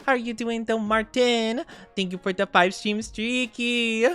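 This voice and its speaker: A woman's voice: on the high side, fairly even intonation, unhurried, a bit bright, clean tone, faint music behind. A woman streamer chatting casually and playfully with her viewers, greeting them by name. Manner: playful sing-song asides. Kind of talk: casual livestream chat.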